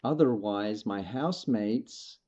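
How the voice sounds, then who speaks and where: A man's voice: on the low side, slow pace, dark tone, dull audio. A man from Australia with a partly Americanized Australian accent, chatting casually and musing while he streams a game, swearing now and then. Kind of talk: casual live-stream chat while playing.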